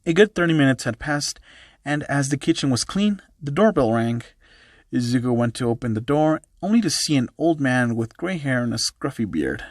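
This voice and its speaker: A man's voice: mid-range voice, lively intonation, normal speed, dry recording, studio quality. A man narrating an amateur fan story in a plain storytelling way, reading every part himself.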